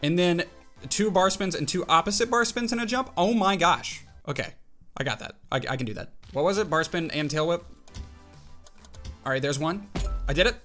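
Excitable young man playing a game. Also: a little high, moderate pace, pauses often, faint music behind. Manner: excitable, jumpy, talks to himself while playing. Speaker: gaming channel host. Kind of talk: casual mobile game commentary.

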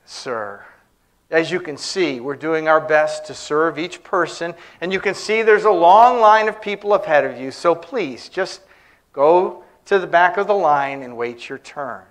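A man voicing a calm, polite airport ticket agent who speaks formally. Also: very high voice, unhurried, pitched above the performer's own voice.

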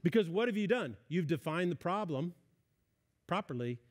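High-voiced man preaching conversationally. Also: expressive, moderate pace. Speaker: pastor. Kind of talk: sermon.

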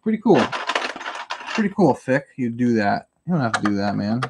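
Male streamer, laid-back rambling talk, mid-pitch, noisy home audio. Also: expressive, brisk. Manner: rambling, answers chat messages as he works. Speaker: livestream host. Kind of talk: casual live-stream chat while building.

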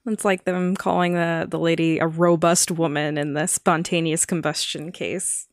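A woman's voice: deep voice, little pitch movement, no room sound, clean studio sound. Playful, laughing female podcast co-host. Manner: playful, quick to laugh, teasing. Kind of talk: casual chat.

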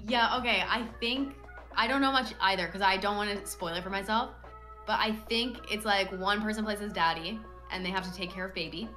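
A woman chatting excitedly while playing a video game with friends, squealing and playful. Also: medium pitch, fairly quick, soft background music, low-quality recording. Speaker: gaming guest. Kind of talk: casual gaming chat.

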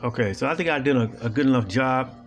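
A man's voice: medium pitch, fast, soft background music. A man with hosting a video, talking straight to viewers in a blunt, preachy, profane way and often asking "you know what I'm saying". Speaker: video host. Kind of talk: casual monologue to viewers.

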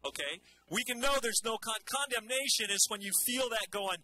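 Male pastor, bright and slightly high voice, conversational sermon with repeated phrases, faint noise. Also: sing-song, normal speed, hardly any pauses, rough recording.

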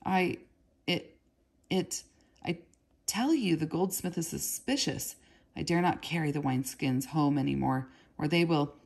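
A woman's voice: low voice, measured pace, darkish tone, slightly rough, heavily acted. A woman voicing a frightened, pleading boy. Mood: stammering. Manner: pleading, stammering, raising his voice when cornered. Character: thin frightened young boy, apprentice.

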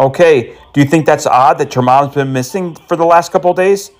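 Speaking a little fast in a slightly high voice, a man makes prank calls to phone scammers, mocking and teasing them while sprinkling in Hindi words and insults.

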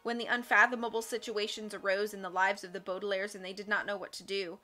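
A woman narrating a storybook in a steady, wry way. Her voice is bright and crisp, with soft background music running faintly under her reading. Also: mid-range voice, quick pace. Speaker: audiobook reader.

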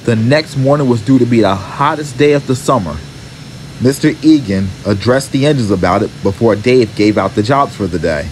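A man narrating a fan-made train story in an animated storytelling manner. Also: medium pitch, normal speed, noisy background.

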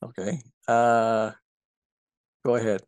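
Male guest, casual chat, relaxed storyteller, middle pitch, dry close recording. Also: slow pace, smooth, no room sound. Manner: easygoing storyteller, telling jokes. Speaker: podcast guest.

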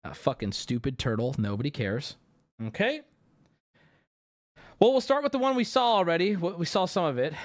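A man in his thirties streaming live, talking casually and swearing, breaking into loud outbursts. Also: a little high. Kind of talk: live stream pack opening.

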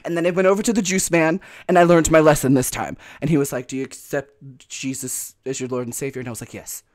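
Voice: mid-range voice, fairly even intonation, fast talker, a little mellow. A podcast co-host telling a story in casual chat, acting out quotes and laughing often.

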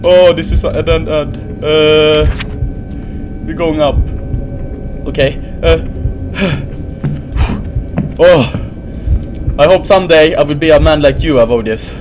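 A man's voice: on the high side, takes it slowly, pauses often, noisy background. A man giving nervous let's play commentary on a horror game, swearing and laughing nervously. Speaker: gamer.

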